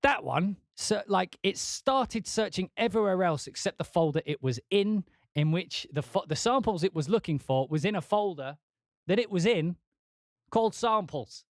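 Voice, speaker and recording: Swearing composer chatting on stream. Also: male voice, high voice, expressive, moderate pace, no room sound, studio quality. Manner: swearing, self-mocking, talking to chat while working software; putting on a mock Scottish accent. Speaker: composer streaming his work. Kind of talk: casual livestream chat.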